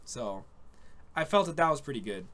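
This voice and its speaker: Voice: medium pitch, animated, normal speed, heavy background noise. A podcast host chatting casually about an anime, rambling and laughing often. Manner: rambling, laughs often, says dude and man.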